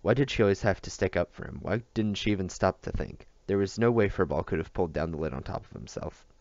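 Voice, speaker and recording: Brief: a male audiobook reader, low gravelly voice, dry and muffled recording. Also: quick pace, a little mellow, no room sound. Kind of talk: reading a novel aloud.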